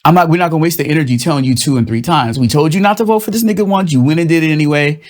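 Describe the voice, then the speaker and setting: A man's voice: fairly high pitch, very fast. Profane rambling young man monologuing. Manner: loose, profane, rambling storytelling with shifting vocal impressions. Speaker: host of a comedic commentary show. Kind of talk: casual comedic monologue.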